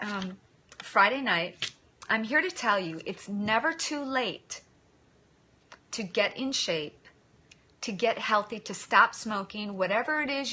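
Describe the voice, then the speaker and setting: Chatty woman on a phone livestream, kinda high voice, bright and forceful, thanks everyone, wanders off topic. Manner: chatty, thanks viewers by name, scattered asides. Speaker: livestream host. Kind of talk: casual livestream chat.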